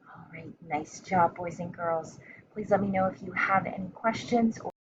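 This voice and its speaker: A young adult woman teacher dictating a spelling test to children, slowly and carefully, with long pauses between words. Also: fairly low pitch. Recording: slightly dull recording with faint room noise.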